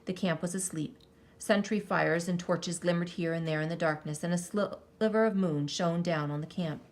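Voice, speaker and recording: A woman reading a children's story aloud with expressive, lingering delivery. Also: lowish voice, moderate pace. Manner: expressive, lingering on counts and sound words.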